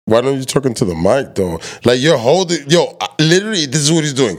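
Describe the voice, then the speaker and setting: Podcast host, man, loud and profane, swoops all over his pitch, casual banter. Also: sing-song, fast, hardly any pauses. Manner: loud, joking, swears freely, teases his guest. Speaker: truck driver.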